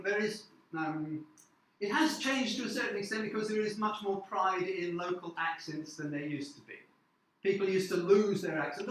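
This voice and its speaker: A man from the north of England giving a classroom lecture, halting with many fillers and often asking "okay?". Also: high-pitched, fairly bright tone, roomy sound, a little hiss or hum, rough recording. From Newcastle, north of England. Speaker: university lecturer.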